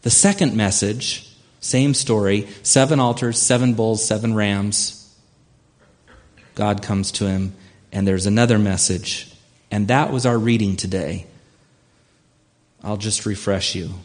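A man's voice: on the low side, measured pace, long pauses. A man preaching a sermon, retelling a scripture story in a conversational way and acting out the characters. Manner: conversational storytelling, acts out voices. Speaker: pastor.

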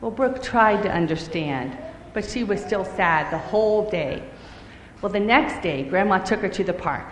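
A woman telling a children's story in a lively, expressive way. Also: medium pitch, normal speed, a little hiss or hum. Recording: echoey hall with faint ambience.

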